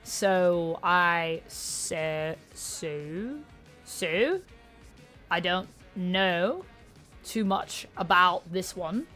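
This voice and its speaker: Woman streamer, casual chatty host reading chat, soft music behind. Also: on the low side, extremely slow. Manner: chatty, reads and answers chat aloud. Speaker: livestream host. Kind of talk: casual just-chatting livestream.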